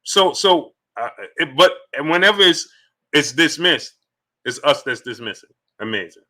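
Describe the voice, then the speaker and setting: A man's voice: on the high side, expressive, unhurried, sharp tone. A man hosting a live boxing stream, greeting viewers in the chat by name and firing off rhetorical questions. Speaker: boxing livestream host.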